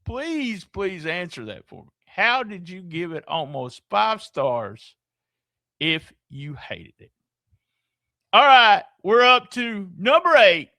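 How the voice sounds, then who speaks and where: A man's voice: sits high, sing-song, slow, pushed and bright, no echo. A middle-aged man with a Southern US accent hosting a podcast, ranting in exasperated, incredulous disbelief and swearing freely. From American South. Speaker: podcast host. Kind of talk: casual ranting commentary.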